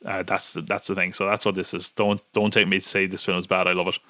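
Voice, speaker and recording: A man's voice: low-pitched, flat delivery, fast talker, pushed and bright, no echo, clean studio sound. A man hosting a podcast in casual chat, rambling and nitpicking with many restarts. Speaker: podcast host.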